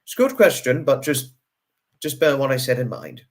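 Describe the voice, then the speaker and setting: Guy on his livestream, chatty, pops up high on every hello, mid-pitched voice. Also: sing-song, normal speed. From United Kingdom. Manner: chatty, greets viewers with sudden high bursts. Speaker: livestream host. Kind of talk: casual livestream chat, reading out viewer comments.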